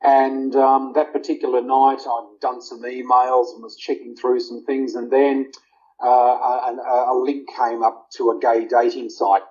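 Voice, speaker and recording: A man's voice: mid-range voice, flat delivery, a little slow, a little mellow. A middle-aged man, telling his personal story in an interview, emotional and rambling with fillers. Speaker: interview guest. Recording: dull lo-fi audio.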